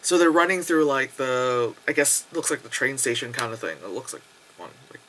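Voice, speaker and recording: A man giving a casual spoken movie review into a nearby camera, rambling, swearing and excitable, with lots of fillers. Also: mid-range voice, moderate pace, a little hiss or hum. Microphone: camera close to the face.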